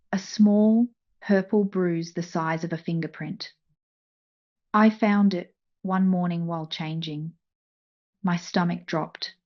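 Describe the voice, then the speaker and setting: A woman narrating a first-person story in a soft, measured, emotional way. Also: on the low side, highs cut off.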